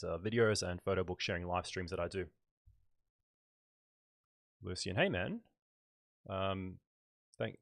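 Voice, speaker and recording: A photography YouTuber with a slight Australian accent talks casually to livestream viewers, working through his thoughts aloud with relaxed fillers. His voice sits fairly low, sounding close and dry with no echo.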